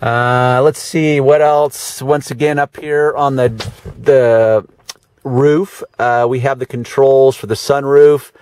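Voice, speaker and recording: A man's voice: medium pitch, steady tone, slow, a little mellow, clear, resonant tone, no room sound. A man giving a casual, chatty walkaround of a luxury car as a car detailer, with dry sarcastic asides. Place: in and around a parked car.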